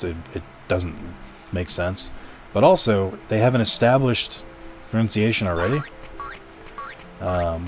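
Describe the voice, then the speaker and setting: Low-voiced man rambling on a live stream. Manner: rambling, swears casually, chats with viewers. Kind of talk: casual live-stream chat. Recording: game music underneath.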